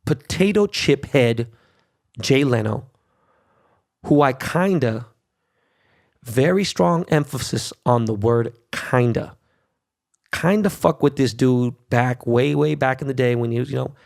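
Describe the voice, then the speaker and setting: Brash middle-aged male podcast host, gravelly, foul-mouthed solo rant. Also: medium pitch. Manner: brash, profane, ranting.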